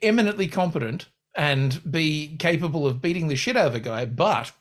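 A woman's voice: low voice, lively intonation, a little fast. A woman co-hosting a podcast in casual, sweary, joking chat. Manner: sweary, joking, laughs often. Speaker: podcast co-host.

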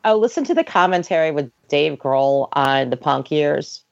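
Low-voiced woman guest, knowing, adds facts, dull lo-fi sound. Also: animated, normal speed, creaky. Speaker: podcast guest. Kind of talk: casual podcast chat. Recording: dull lo-fi audio.

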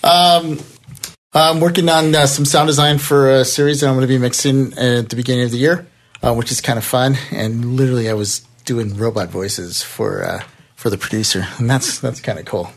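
A man's voice: mid-range voice, fairly even intonation, moderate pace. A man hosting a podcast in casual chat, upbeat and laughing often. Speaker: podcast host.

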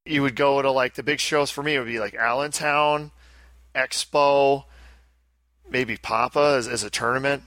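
A man chatting casually as a podcast co-host, his voice bright and forward. He rambles, breaks off and restarts sentences as he talks. The sound is close and dry. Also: mid-range voice, fairly even intonation, moderate pace, no echo. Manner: rambling, self-interrupting, chatty. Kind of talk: casual chat.

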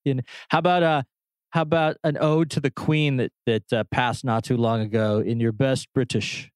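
A man hosting a podcast, friendly and a little halting as he introduces his guest. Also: medium pitch, fairly even intonation, clear, resonant tone, no echo. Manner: friendly, slightly halting with fillers and restarts. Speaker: podcast host.

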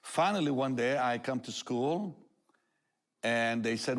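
An older man speaking as a talk show guest, telling a personal testimony in an animated way, often laughing and acting out what others said. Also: mid-range voice, a little slow.

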